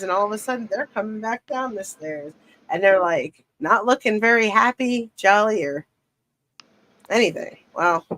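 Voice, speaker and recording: A young woman tells a story in loose, casual chat. She is animated and profane, with quick bursts of laughter running through her talk. Her voice sits in a middle pitch. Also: rough recording. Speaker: podcast guest.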